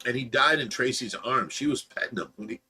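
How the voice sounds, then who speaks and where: A man's voice: medium pitch, fairly quick, bright, forceful tone, slightly rough. A middle-aged man hosting a livestream, telling stories in a casual chat and laughing through them. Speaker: livestream host.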